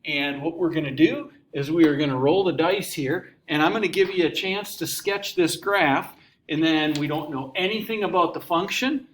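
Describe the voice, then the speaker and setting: Animated male math teacher, slightly higher voice, echoey room with faint noise. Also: moderate pace. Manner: animated, asks questions and answers them, playful asides. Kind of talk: recorded classroom lecture.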